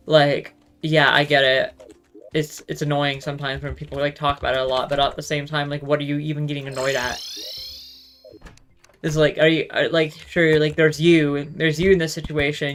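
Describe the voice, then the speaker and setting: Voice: medium pitch, level tone, brisk, fairly bright tone. Someone just ranting solo, swears a ton, says like constantly, rambly, faint music under it. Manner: rambling, profane, heavy use of "like". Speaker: solo talk show host. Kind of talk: casual ranting monologue.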